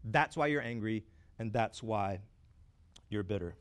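A man preaching a sermon as pastor, emphatic and building through repetition, with dramatic pauses and wry asides to the congregation. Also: lowish voice.

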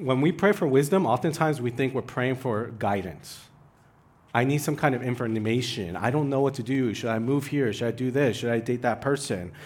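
A man preaching a sermon, who swings from loud, urgent pleading to quiet, hushed asides. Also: medium pitch. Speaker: pastor.

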